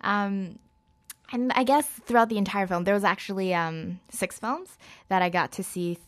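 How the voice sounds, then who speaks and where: A woman's voice: mid-range voice, normal speed. A woman chatting casually as an interview guest, talking about films with lots of fillers and hedges. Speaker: guest film reviewer.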